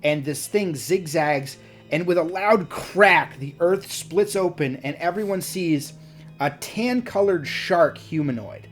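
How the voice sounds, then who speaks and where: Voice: mid-range voice, slow, faint music behind. A game master narrating a tabletop game in a casual way, with many fillers and restarts.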